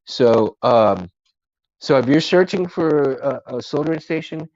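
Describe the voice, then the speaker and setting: A man's voice: medium pitch, expressive, unhurried, darkish tone, no echo, highs cut off. A man hosting a casual live stream, talking to his chat in a rambling, friendly way and calling everyone dude and man.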